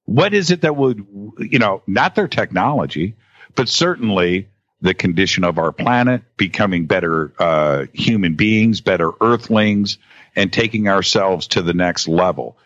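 A man in casual conversation as a guest, talking in halting bursts with many restarts and repeated words. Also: low voice, lively intonation, fairly bright tone, no echo. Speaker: podcast guest. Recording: dull lo-fi audio.

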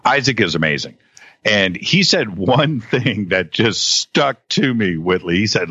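Low-voiced man talking in halting restarts. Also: big pitch swings, pushed and bright, slightly rough, dry recording. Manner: halting, many restarts and repeated words. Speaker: podcast guest. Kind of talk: casual conversation. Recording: dull lo-fi audio.

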